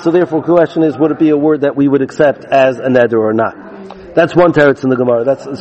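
Male Talmud teacher, slightly high voice, reads then explains, muffled lo-fi audio. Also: a little mellow. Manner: reads Aramaic lines, then explains in English. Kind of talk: Talmud class lesson.

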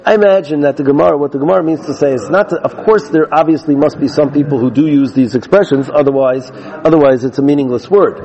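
A man's voice: on the high side, darkish tone, highs cut off. A man teaching a Talmud class, reading out Aramaic lines and then explaining them in English.

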